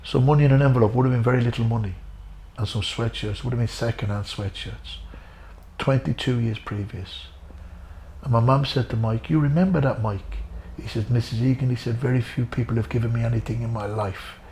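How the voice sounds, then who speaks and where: Talking fairly quickly in a darkish, mid-range voice, with slight background noise, an Irish former boxer in middle age recounts emotional stories during an interview. He repeats things for emphasis, speaks with earnest feeling and uses the host's name.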